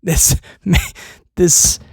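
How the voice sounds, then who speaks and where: A man's voice: very slow, dry recording. A man hosting a wrestling talk show, ranting in a mocking, exasperated, sarcastic way.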